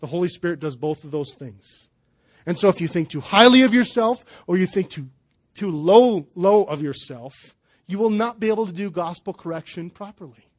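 This high-pitched, expressive man preaches at a moderate pace in a church service. As a pastor, he keeps things conversational and loose, tossing in jokes, fillers, and frequent restarts.

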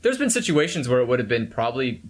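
This is a young man in relaxed conversation, speaking at a middle pitch. He keeps his voice flat and dry while making exaggerated complaints, playing the grumbling for laughs. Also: fast talker. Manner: deadpan mock outrage, dry joking. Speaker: co-host with a video channel. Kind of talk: casual chat.

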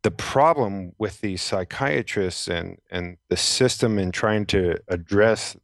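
Deep-voiced earnest veteran telling his story. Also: slow, no echo, studio quality. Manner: earnest, rambling, with many fillers and restarts. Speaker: podcast guest, military veteran. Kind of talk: casual storytelling interview. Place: Los Angeles.

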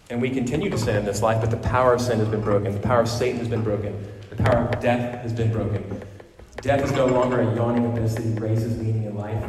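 A man's voice: lowish voice, darkish tone, slight background noise. A man preaching a sermon as pastor, building to emphatic, impassioned peaks and dropping into casual asides with fillers. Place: church sanctuary. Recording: echoey hall recorded from far off.

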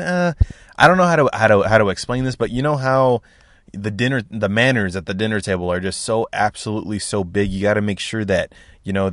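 A young man hosting a podcast, telling a comic story in a loud, profane, animated way, with sound effects like boom and bang. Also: dry recording. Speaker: podcast host. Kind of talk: casual comedic storytelling.

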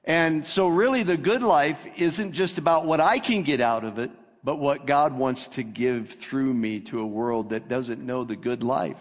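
A man's voice: medium pitch, measured pace, hardly any pauses. A man preaching a sermon as pastor, reading scripture with rising emphasis. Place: church sanctuary. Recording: long reverb of a church hall.

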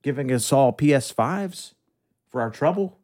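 A man's voice: mid-range voice, expressive, unhurried, darkish tone. Dry, sarcastic male podcast host. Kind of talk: casual podcast chat. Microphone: studio podcast microphone.

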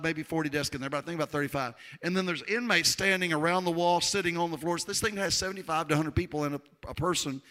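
A man preaching a sermon, telling his own story with lively, acted-out voices and loud peaks. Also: fairly high pitch. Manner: animated storyteller, acts out voices, shouts at peaks. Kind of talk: testimony sermon.

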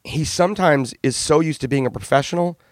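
A man, a band's frontman, telling candid, animated studio stories in a casual interview, with swearing and laughs. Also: on the high side, fairly quick, no echo. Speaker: band frontman and singer.

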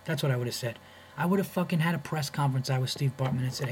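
A male podcast host rants in a heated, profane flow and trips over repeated words when he gets worked up. His voice sits in a mid range, neither high nor deep. A faint hum runs underneath. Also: rapid-fire. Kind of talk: comedic podcast rant.

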